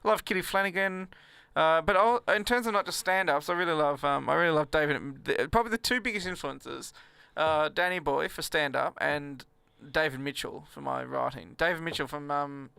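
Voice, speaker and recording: A man talks as a podcast guest in a loose, rambling way, full of restarts and laughter. His voice is bright and clear, a little higher than most men's. The sound is close and dry. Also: normal speed, few pauses, no echo. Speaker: comedian guest. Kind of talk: casual podcast chat.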